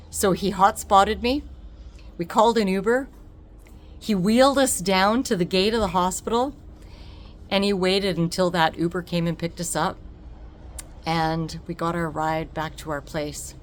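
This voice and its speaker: Woman, lowish voice, emotional storytelling, frequent laughs, faint background hiss. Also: unhurried. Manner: emotional, laughs often, expressive quoting. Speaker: vlogger. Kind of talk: personal storytelling.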